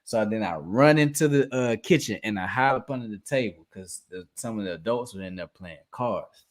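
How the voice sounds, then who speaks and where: A young man in casual chat, telling a story animatedly and acting out scenes with loud outbursts and laughter. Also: lowish voice, expressive, moderate pace.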